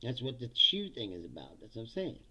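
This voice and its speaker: A man's voice: mid-range voice, wildly swooping pitch, brisk, sharp tone, breathy edge. A man hosting a political comedy show, ranting sarcastically and with lots of swearing in casual livestream commentary while reading out chat comments.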